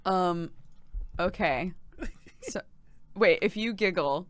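A woman streaming and chatting casually with a friend, playful and quick to laugh. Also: fairly low pitch, dry recording. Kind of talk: casual chat.

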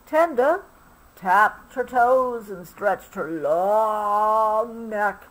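A mother reading a storybook to her child at home, taking it very slowly and with a voice that rises and falls expressively. She pauses to explain who is who as she goes. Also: medium pitch, expressive, rough recording. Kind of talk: storybook read-aloud.

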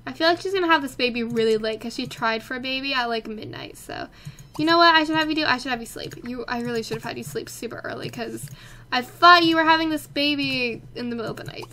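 A young woman hosting a casual let's play, chatty and excitable, talking to the characters on screen. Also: high voice, fast. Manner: chatty, excitable, talks to her game characters. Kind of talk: casual game commentary.

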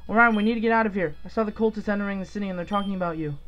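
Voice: mid-range voice, fairly bright tone, highs cut off, soft background music, close to an everyday voice. A gamer reading game dialogue aloud, voicing a worried young woman gym leader who hurries a friend along. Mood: urgent. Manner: urgent, hurried, scolding.

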